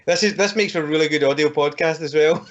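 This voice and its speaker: A man with a fairly high voice, chatting loosely as a podcast co-host and breaking into laughter between his rambling stories. He talks into a home computer mic on an online call, and the sound comes through dull and lo-fi. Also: fast talker, slight background noise. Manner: laughs often, rambling and jokey. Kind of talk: casual chat. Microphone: home computer microphone on an online call. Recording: muffled lo-fi call audio.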